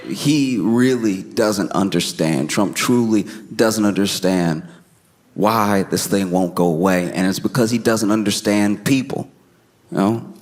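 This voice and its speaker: Telling a story in a stand-up set, a man performs with lively, animated energy and slips into high, strained voices for his characters. His pacing runs a little slow.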